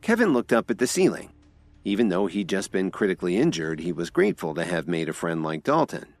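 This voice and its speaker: A man narrating a scripted audio drama with expressive storytelling. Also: low voice, brisk, no room sound, soft background music.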